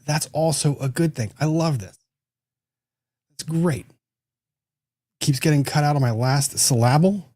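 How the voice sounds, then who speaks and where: A man hosting a live stream in a loose, chatty, self-deprecating way. His voice is dark and mellow, close on a desk microphone in a dry room with no echo. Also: medium pitch, breathy edge. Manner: chatty, self-deprecating, reads chat aloud. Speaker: livestream host. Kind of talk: casual livestream chat. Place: small home studio room.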